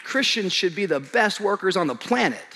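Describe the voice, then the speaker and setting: High, bright-voiced preacher man. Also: lively intonation, fairly quick, a faint crowd. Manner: dynamic preaching, swings from shouting highs to quiet low passages; humorous, conversational asides to the congregation. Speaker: pastor. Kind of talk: sermon. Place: church auditorium.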